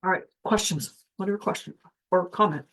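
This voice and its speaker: A woman casually teaching, speaking reflectively and guiding the listener through slow breathing, often trailing off mid-sentence. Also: fairly low pitch, a bit bright. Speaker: spiritual coach.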